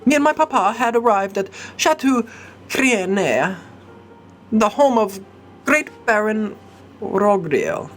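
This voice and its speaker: A man voicing an excitable young noblewoman cat in a high, squeaky voice for a game. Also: takes it slowly, long pauses, full character voice. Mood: chatty.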